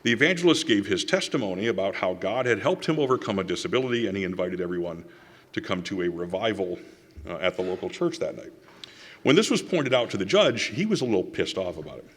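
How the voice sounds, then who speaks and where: A man's voice: deep voice, very animated, fast. A man giving a conference talk, with wry, sarcastic asides and quoted passages read aloud. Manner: reads quotations aloud. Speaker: conference speaker. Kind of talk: public lecture. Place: lecture hall. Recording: reverberant hall.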